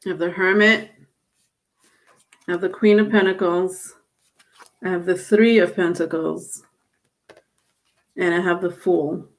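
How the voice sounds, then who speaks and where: A woman's voice: on the low side, steady tone, unhurried, long pauses. Chatty woman reading tarot live. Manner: chatty, answers viewers by name. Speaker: tarot reader.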